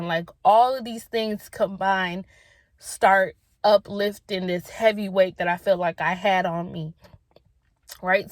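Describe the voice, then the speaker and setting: A young woman with a fairly low-pitched voice addresses her viewers on camera, offering personal advice in an earnest, emotional, off-the-cuff way. The recording has no room sound at all.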